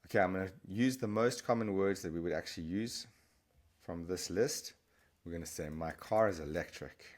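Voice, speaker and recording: A deep-voiced man explains word patterns in a relaxed, chatty teaching voice. He keeps checking in with the listener and restates points as he goes. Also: moderate pace. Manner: chatty, encouraging, repeats and restarts while explaining. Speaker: Spanish teacher. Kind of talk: explaining vocabulary to camera.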